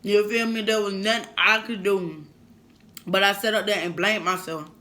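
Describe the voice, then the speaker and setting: A woman vlogger telling a painful personal story to camera in a halting, emotional way, holding back tears. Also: mid-range voice, steady tone, pushed and bright. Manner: emotional, halting, repeats herself.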